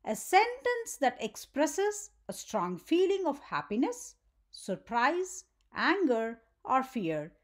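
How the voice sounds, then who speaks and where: A woman's voice: high voice, wildly swooping pitch, takes it slowly. A woman teaching a grammar lesson for children, often checking in with "right?" and asking the viewer questions.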